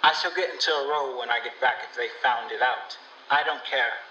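A man's voice: medium pitch, moderate pace, bright, forceful tone, echoey room, distant mic, dull audio, slight background noise, close to an everyday voice. A man voicing a polite, prim young girl in a storybook reading. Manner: prim, chiding.

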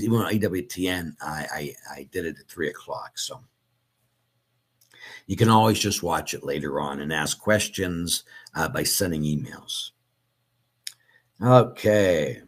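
A priest in his own live-stream show talks casually, reading viewers' comments aloud and answering them one by one with plenty of ums and uhs. His voice sits low and deep, with a husky grain.

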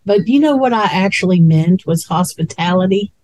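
A woman's voice: mid-range voice, expressive, normal speed, darkish tone, poor audio. A woman co-hosting a casual chat, speaking emphatically. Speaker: co-host.

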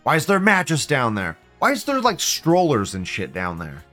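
A man's voice: mid-range voice, wildly swooping pitch, moderate pace, bright, forceful tone, soft background music. A man hosting a live stream, ranting in a profane, agitated way and firing off repeated questions. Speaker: livestream host. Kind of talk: live-stream rant reading chat.

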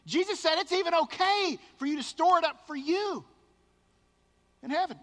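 A man's voice: extremely high pitch, animated, moderate pace, big-room sound. A man preaching a sermon as pastor, emphatic and repeating words for stress.

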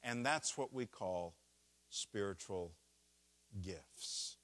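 A man's voice: on the low side, expressive, fairly bright tone. A man preaching a sermon, walking through a scripture passage and leaning hard on key words. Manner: slow, deliberate preaching with stressed key words. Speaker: pastor.

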